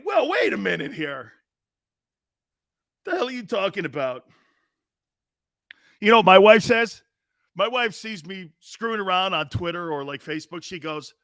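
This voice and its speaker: A man's voice: sits high, vocal fry, a bit bright, no room sound, studio quality. A man hosting a sports talk show, joking and rambling and laughing often.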